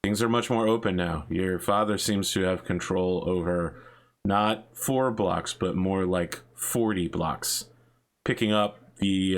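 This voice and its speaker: A man narrates as game master of a tabletop role-playing game. His voice sits fairly low, and he describes each scene in an easygoing way, with lots of "uh" and "you know" along the way. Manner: relaxed, filler-heavy narration.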